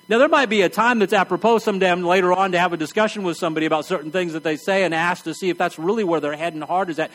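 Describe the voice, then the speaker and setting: A middle-aged man preaching a conversational sermon, wry and blunt, dropping to a hush for emphasis. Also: sits high, rapid-fire, hardly any pauses.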